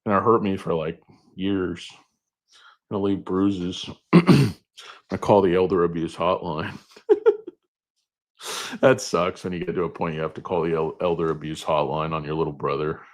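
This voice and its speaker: A man's voice: low-pitched, unhurried, pauses often. A middle-aged man hosting stock-market commentary, rambling through jokey asides. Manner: meandering, jokey asides, many fillers.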